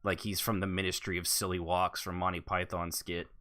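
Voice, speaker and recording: A man's voice: low voice, level tone, brisk, sharp tone. A man co-hosting a casual podcast about role-play gaming, talking in a rambling, stop-start way. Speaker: podcast co-host.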